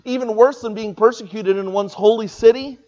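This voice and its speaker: A man's voice: high-pitched, normal speed, a little mellow, highs cut off. A man preaching a sermon, retelling a scripture story in an earnest, storytelling way with emphatic rises. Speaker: pastor.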